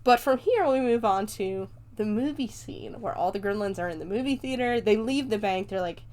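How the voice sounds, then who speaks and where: A woman's voice: medium pitch, moderate pace, a little mellow. A young woman hosting a podcast, chattily recapping a movie with lots of fillers and casual swearing. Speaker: podcast host.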